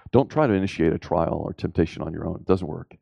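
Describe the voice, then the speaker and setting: A man preaching a sermon emphatically, asking rhetorical questions and rising in pitch on key points. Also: brisk, creaky, no echo, muffled recording.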